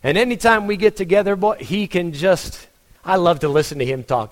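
A Texan pastor preaches in a loose, conversational way, firing off rhetorical questions and restarting his sentences. His voice sits a little high for a man, and a long hall reverb trails after his words. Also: lively intonation, moderate pace. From Texas. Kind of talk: sermon.

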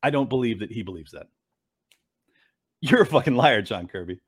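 A man's voice: mid-range voice, animated, normal speed, slightly rough. A man ranting through a political commentary, sarcastic, profane and incredulous. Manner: mocks clips with mimicking voices. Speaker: commentary host.

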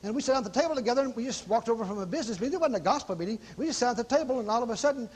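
High-voiced, animated preacher. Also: male voice, racing, slightly rough. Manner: animated, exclamatory, folksy. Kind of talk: storytelling sermon.

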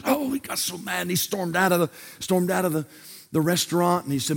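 A male pastor delivering a sermon in church, his voice sitting a little high. He tells a story with big dramatic swings, from near whispers to shouts. He closes by praying aloud, soft and low. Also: lively intonation, fairly quick, gravelly. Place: church service.

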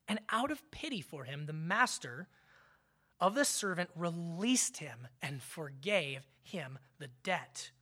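A man preaching a sermon as pastor, conversational, with emphatic swells and hushed drops, often repeating words as he restarts a phrase. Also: high-pitched, expressive, unhurried.

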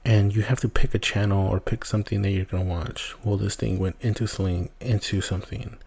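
Male podcast host, low, dark husky voice, rambling casual storyteller who swears. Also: steady tone, brisk. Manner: rambling, swears often, restarts a lot.

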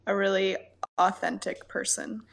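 A woman's voice: mid-range voice, steady tone, unhurried, vocal fry, a little hiss or hum. Chatty woman podcast guest. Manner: chatty, laughs often. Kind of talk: casual chat.

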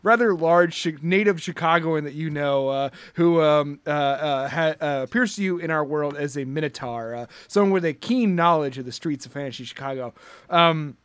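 High-voiced man running a tabletop game. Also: normal speed, a bit bright, clear, resonant tone, no echo. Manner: many filler sounds and restarts, laughs often. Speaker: game master.

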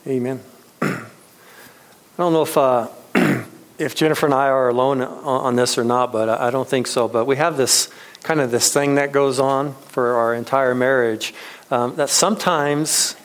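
A man's voice: mid-range voice, fairly even intonation, normal speed, rough recording. A man in his thirties preaching a sermon as pastor, talking in a loose, conversational way with many fillers and restarts, and chuckling often. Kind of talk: casual sermon.

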